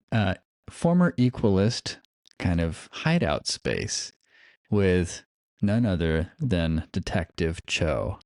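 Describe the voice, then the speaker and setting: A man's voice: sits low, darkish tone, dry recording, studio quality. A man running a tabletop game who chats and narrates in a rambling, filler-heavy way. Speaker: game master. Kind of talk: casual chat and game narration.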